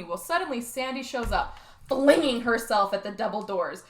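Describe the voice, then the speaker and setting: A woman co-hosting a podcast, chatting casually as she recaps a movie and acts out the characters' lines in quick bursts. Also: a little high, expressive, roomy sound. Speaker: podcast co-host.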